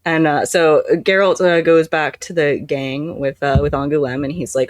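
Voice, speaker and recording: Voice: medium pitch, fairly even intonation, moderate pace, hardly any pauses, no room sound. Enthusiastic book-podcast host, dry sound. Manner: enthusiastic, lots of fillers. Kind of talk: casual book-club discussion.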